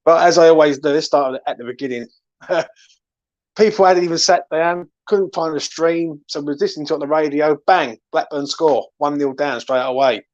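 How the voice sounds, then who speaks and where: A man's voice: on the high side, moderate pace, darkish tone, highs cut off. A man hosting a fan channel, ranting angrily about a football match and swearing often. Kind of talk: angry football fan reaction.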